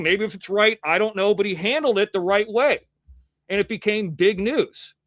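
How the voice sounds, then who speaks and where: A man with a fairly high voice hosts his own livestream news show, drifting from story to story and arguing straight at his critics. His words come through a little muffled from the face mask he wears. The sound is dry and close, with no room echo. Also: a bit bright. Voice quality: slightly muffled from wearing a mask. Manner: rambling, combative, talks to chat and critics directly. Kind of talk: casual livestream commentary.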